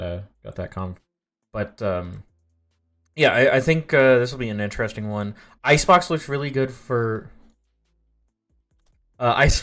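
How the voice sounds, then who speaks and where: A man casting an esports match live, rambling with many fillers and restarts, flustered by technical trouble. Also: fairly low pitch. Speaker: esports caster. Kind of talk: live play-by-play commentary.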